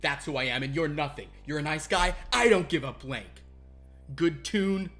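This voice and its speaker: A man's voice: normal speed, soft background music. A man voicing an arrogant, abusive male cartoon wristwatch boss who barks and brags at his workers. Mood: boastful. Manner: loud, bullying, barking sales-pitch rant.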